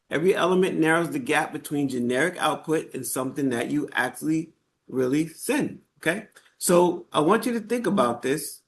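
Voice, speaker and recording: Conversational man teaching a live workshop. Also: on the high side. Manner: conversational, checks in with "right?" and "okay?"; frequent fillers and restarts. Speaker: workshop instructor.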